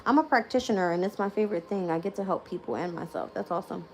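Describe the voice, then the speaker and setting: A woman's voice: mid-range voice, fast talker, a little hiss or hum. Tired, laughing woman tarot reader. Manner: laughs often, swears casually. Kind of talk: live-stream tarot reading and casual chat.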